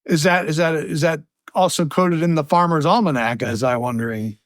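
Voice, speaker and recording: A man co-hosting a casual podcast and reading listener mail, animated, often restarting his sentences and laughing. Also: fairly high pitch, normal speed, dry recording, clean studio sound. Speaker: podcast co-host.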